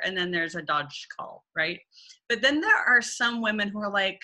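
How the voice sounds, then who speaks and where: A woman dating coach giving advice in a casual talk, lively and acting out what others might say. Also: mid-range voice, moderate pace. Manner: animated, acts out quoted voices.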